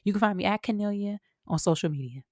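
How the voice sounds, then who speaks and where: A woman hosting her own podcast in an animated, emphatic way, speaking straight to her listeners. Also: mid-range voice, fast. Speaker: podcast host. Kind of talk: solo podcast commentary.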